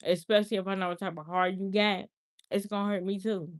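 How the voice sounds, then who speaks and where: A woman's voice: mid-range voice, little pitch movement, fast. A woman hosting a casual livestream, talking earnestly and repeating herself. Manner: earnest, repetitive, heartfelt talk. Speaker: livestream host.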